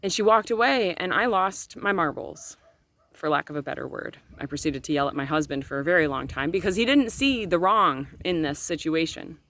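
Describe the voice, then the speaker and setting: A woman's voice: deep voice, expressive, normal speed, a bit bright, dry recording. Earnest woman telling a personal story. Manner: earnest, emotional, conversational with fillers. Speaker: channel host.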